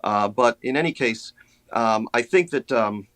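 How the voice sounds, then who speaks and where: A male author on a radio interview, his voice at a middle pitch. He answers at length, measured and thoughtful, filling his pauses with hesitations. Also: fairly bright tone. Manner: measured, hesitant, many fillers. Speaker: author guest.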